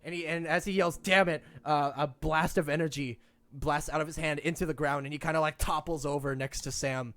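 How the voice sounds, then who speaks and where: A man's voice: on the high side, steady tone, brisk, a bit bright. A man running a tabletop game as game master, narrating with frequent laughs and repeated words.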